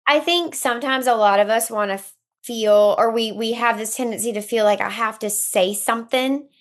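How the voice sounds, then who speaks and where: Earnest higher-voiced woman doula. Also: normal speed. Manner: warm, earnest, encouraging, gets emotional. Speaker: doula and advocate, guest. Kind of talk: heartfelt interview talk.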